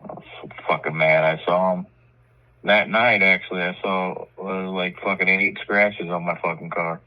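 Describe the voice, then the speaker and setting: A man with a lowish voice cohosting a casual radio show, blunt and swearing constantly. The sound is muffled and lo-fi. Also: steady tone, normal speed. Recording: dull lo-fi audio.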